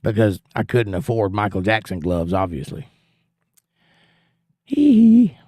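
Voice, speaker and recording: A man's voice: low-pitched, normal speed, no echo, clean studio sound. A man from Georgia hosting a livestream, reading viewer comments aloud and telling jokey stories in a folksy way. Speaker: livestream host reading chat. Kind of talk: casual chat.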